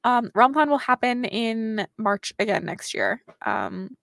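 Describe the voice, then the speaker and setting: Young woman streaming, reading chat out loud and replying, chatty, dry close sound. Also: a little high, huge pitch swings, a little slow, gravelly, dry recording. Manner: chatty, reads viewer comments and answers them. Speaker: booktuber host reading chat aloud. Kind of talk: casual livestream chat.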